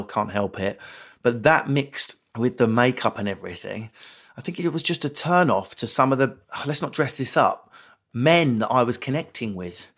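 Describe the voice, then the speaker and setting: A middle-aged man, a comedian guest, telling candid stories in an animated, quick, self-mocking way. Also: medium pitch. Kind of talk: candid interview storytelling. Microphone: remote interview mic.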